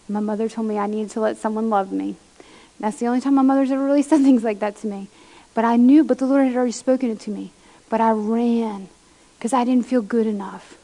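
High-voiced woman preaching in a hall. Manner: animated storytelling, acts out quoted voices. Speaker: pastor's wife speaking to women. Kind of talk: personal testimony sermon. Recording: long hall reverb.

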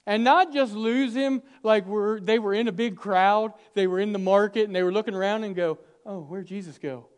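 A man delivers a sermon in a fairly high voice. He drops to near-whispers for weight, then climbs into loud, animated stretches. He plays out bits of dialogue with a light, humorous touch. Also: moderate pace, few pauses, smooth. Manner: dynamic, swings from hushed to loud and animated; acts out quoted dialogue with humor. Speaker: preacher.

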